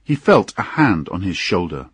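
A man narrating an audiobook in an unhurried, expressive storytelling manner. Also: sits low, breathy edge, no room sound.

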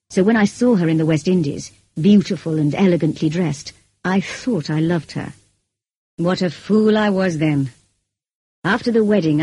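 A woman reading the lines of a brooding, passionate middle-aged gentleman in an audiobook, in an intense, pleading manner. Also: on the low side, breathy edge, no room sound, rough recording.

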